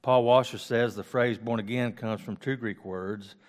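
On a close mic, a man leads a Bible study, reading a passage aloud and then slowly going back over it with restarts and casual asides. His voice sits in the mid-range with fairly even intonation.

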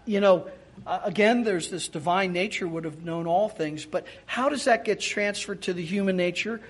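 High-voiced preacher with an animated delivery. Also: male voice, normal speed, breathy edge. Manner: animated, acts out quoted speech in changed voices; repeats and restarts words while thinking aloud. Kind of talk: sermon.

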